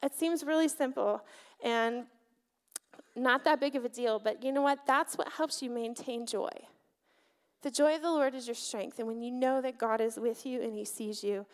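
A woman's voice: a little high, normal speed. A woman in her thirties or forties preaching a sermon before a congregation. She tells a personal story in a candid, conversational way, with filler words. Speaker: church speaker, pastor's wife. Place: church sanctuary before a congregation.

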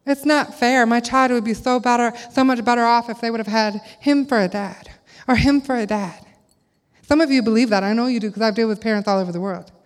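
Middle-aged woman preacher, animated storyteller, higher register, reverberant church hall. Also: brisk. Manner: animated, acts out quotes in a high child voice. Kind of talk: sermon with storytelling. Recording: long reverb of a large hall.

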